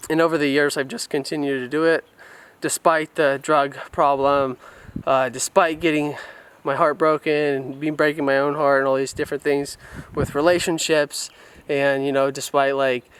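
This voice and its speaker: A man's voice: on the high side, little pitch movement, moderate pace, fairly bright tone, clean tone. A young man from California, vlogging outdoors and recalling his past in a candid, reflective way on a handheld camera mic. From California, USA. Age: young adult. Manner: reflective, open and unguarded. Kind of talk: candid personal storytelling. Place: outdoors on a rural family property. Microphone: camera mic on a handheld tripod.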